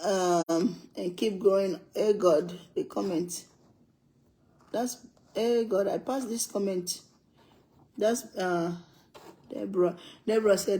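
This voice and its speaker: A woman's voice: mid-range voice, steady tone, slow pace, pauses often, dark tone, rough recording. An older woman from Africa, chatting casually and emphatically while she eats, repeating her points and laughing often. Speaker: cooking vlogger. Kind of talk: casual chat while eating.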